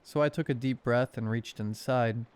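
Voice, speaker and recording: Smooth-voiced man narrating horror. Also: medium pitch, steady tone, moderate pace, darkish tone. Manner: wry, sardonic storytelling. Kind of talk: horror story narration for sleep.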